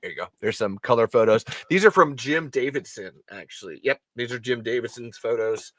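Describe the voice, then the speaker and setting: A man's voice: mid-range voice, expressive, brisk, a bit bright. Rambling, swearing man hosting a podcast. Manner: rambling, swears freely, many fillers. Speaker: podcast host. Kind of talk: casual chat.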